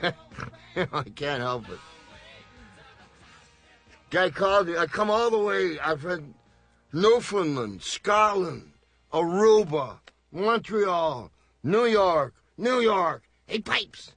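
A man hosting a podcast, telling a story in a profane, animated way. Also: sits high, slow pace, long pauses, no echo, soft background music. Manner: profane, animated storyteller, does voices for others. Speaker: podcast host. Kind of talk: casual storytelling rant. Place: radio studio.

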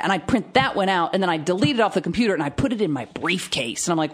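A woman co-hosting a radio talk show, teasing her co-host in lively, laughing banter. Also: medium pitch, fast, hardly any pauses. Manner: teasing, animated, laughs often. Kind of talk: casual banter.

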